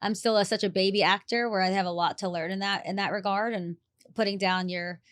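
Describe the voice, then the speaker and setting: A woman's voice: medium pitch, fairly quick, dry recording. Giggly woman on a podcast, chatty, dry close mic. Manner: giggly, animated storyteller. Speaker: podcast co-host. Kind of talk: casual chat.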